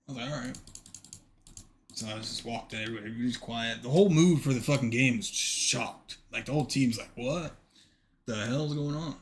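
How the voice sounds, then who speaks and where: A man's voice: mid-range voice, a little fast, slight background noise. A man streaming a game, telling a story casually and animatedly, swearing freely and acting out the dialogue.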